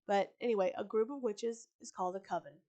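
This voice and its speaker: A woman reading a book aloud on a live stream, pausing for chatty, digressive asides and correcting her own slips. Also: medium pitch, mellow. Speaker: live-stream story reader.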